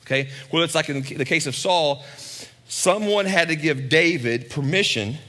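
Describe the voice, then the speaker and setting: A man's voice: fairly high pitch, normal speed, bright, forceful tone. A male pastor preaching a sermon in a conversational way, with asides and repeated lines for emphasis.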